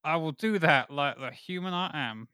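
Man player, awkward and rambling in character; bright, dry sound. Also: on the high side, animated, moderate pace, smooth, dry recording. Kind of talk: casual role-play banter.

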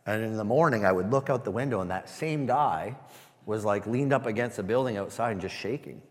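A man giving a sermon testimony, halting and repeating words as he speaks to a church. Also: lowish voice, in a large hall. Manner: halting, repeats words, asks the room "Amen?".

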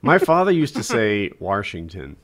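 A man chatting casually with friends, telling stories in an animated and mocking way. His pitch swings widely as he speaks, though it sits at an ordinary middle level. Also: moderate pace. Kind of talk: casual chat.

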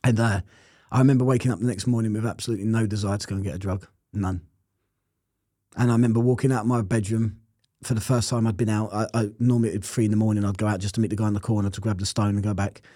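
Earnest man, warm mellow voice. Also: on the low side, fairly even intonation, quick pace, no room sound, studio quality. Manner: earnest, reflective storytelling. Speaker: interview guest. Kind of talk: personal testimony in an interview.

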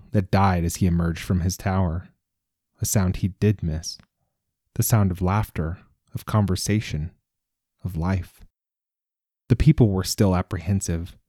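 Deep mellow dude narrating a story, slow and steady, dry sound. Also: male voice, dry recording.

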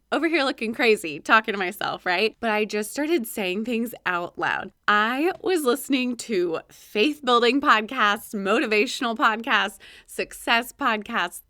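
A woman's voice: mid-range voice, sharp tone, no echo, studio quality. A woman hosting a solo podcast, talking energetically and acting out her own thoughts in quotes. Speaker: podcast host. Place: home office.

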